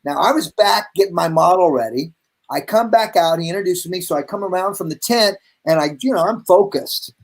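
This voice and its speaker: A man hosting a casual video-call chat, telling stories with lively acted-out bits. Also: high-pitched, fairly quick. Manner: animated storyteller, acts out voices in his anecdotes. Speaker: host, hair educator.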